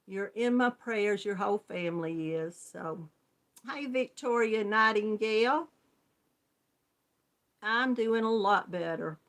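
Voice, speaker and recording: Slow-talking, bright Southern woman. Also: mid-range voice. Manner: chatty, affectionate, laughs often, calls viewers hon. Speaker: crochet channel host. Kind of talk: casual chat greeting viewers.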